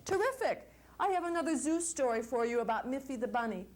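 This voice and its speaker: Animated woman reading to small children. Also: sits high, a little fast, a little hiss or hum. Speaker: children's librarian. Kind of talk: children's story hour. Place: library story hour room.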